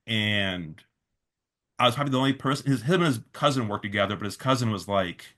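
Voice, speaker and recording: A man's voice: lowish voice, a little fast, pushed and bright. A man, a festival organizer, telling a long story in a casual interview, full of fillers and restarts, quoting others in his own voice.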